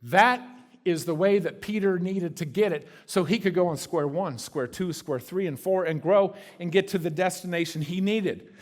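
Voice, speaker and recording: Man preaching, slightly high voice. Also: normal speed. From Kentucky. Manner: conversational preaching with sudden drops to a soft hush. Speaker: guest preacher. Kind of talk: sermon. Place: church sanctuary.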